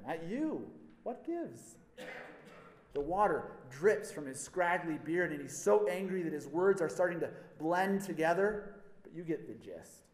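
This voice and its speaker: A man preaching a sermon, telling a story in a conversational style with a wry sense of humor. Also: fairly high pitch. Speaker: pastor. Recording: echoey hall reverb.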